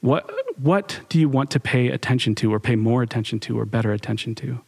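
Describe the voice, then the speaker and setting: A man's voice: medium pitch, a little fast, gravelly, a little mellow, breathy edge. A young man speaks candidly to a live chat audience in a mid-range voice. His talk is loose and personal, with ums and restarts as he thinks aloud. He sounds like someone reflecting with an online group.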